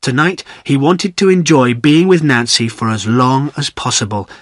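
A man's voice: mid-range voice, moderate pace, dry recording, studio quality. Man reading a story steadily. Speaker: narrator. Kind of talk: graded reader audiobook narration.

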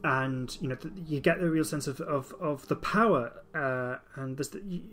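Man, podcast host, enthusiastic, halting restarts, mid-pitched voice, faint music behind. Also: fairly bright tone. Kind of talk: casual podcast discussion.

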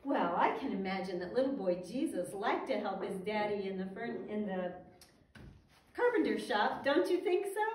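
Children's teacher: woman, high and unhurried, gentle sing-song storyteller, recorded from across a roomy space. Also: slight background noise. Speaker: children's Sabbath school teacher. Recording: roomy echo, mic at a distance, faint music.

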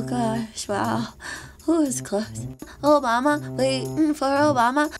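A woman talking in an excitable, giggly way for a comic character vlog. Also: on the high side. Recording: voice over loud background music.

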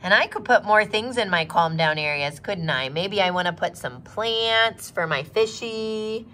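A woman's voice: medium pitch, a little hiss or hum. Sing-song woman teaching small children. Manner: slow, sing-song and expressive, asking children questions. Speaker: preschool teacher. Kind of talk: virtual circle time lesson for young children. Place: office.

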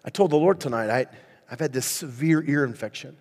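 A man preaching at a revival service, telling a story in a lively, conversational way and laughing often. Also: mid-range voice, fairly quick. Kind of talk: storytelling sermon. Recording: long reverb in a church hall.

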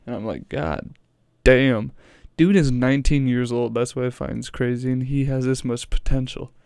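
A man's voice: medium pitch, fairly even intonation, moderate pace, creaky, darkish tone, smooth, no echo, clean studio sound. A man hosting a reaction video, talking casually in a rambling way, swearing freely and breaking off mid-thought.

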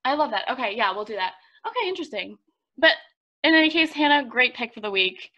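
A young woman in her twenties with a high, bright voice that swings up and down a lot as she co-hosts a casual podcast chat over a video call. She talks in a chatty, giggly way and fills her sentences with "like". Her tone is lively and expressive. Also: quick pace, muffled recording. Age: 20s. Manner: chatty, giggly, uses 'like' often. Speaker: podcast co-host.

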